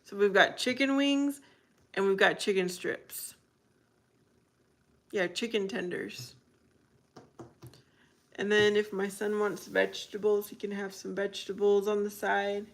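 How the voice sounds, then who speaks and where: Woman hosting a relaxed livestream, talks slowly, mid-pitched, answers chat with easy laughter. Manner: laughs often, reads chat aloud. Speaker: livestream host. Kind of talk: casual chat with viewers.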